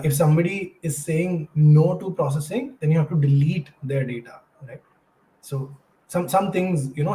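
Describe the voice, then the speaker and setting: Guy hosting a panel, mellow, chatty, keeps saying right?. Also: a little high, low-quality recording. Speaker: host. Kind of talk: panel discussion.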